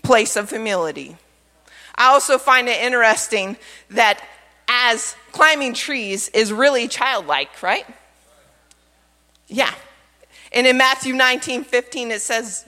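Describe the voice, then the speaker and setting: Woman, pastor, expressive sermon, rhetorical questions, bright voice, long church reverb. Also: on the high side, measured pace. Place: church sanctuary.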